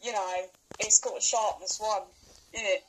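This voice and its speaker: A woman's voice: medium pitch, steady tone, normal speed, poor audio. A woman bantering offhandedly as a co-player in a casual game session. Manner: offhand, lazy-sounding banter. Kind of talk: casual gameplay chat.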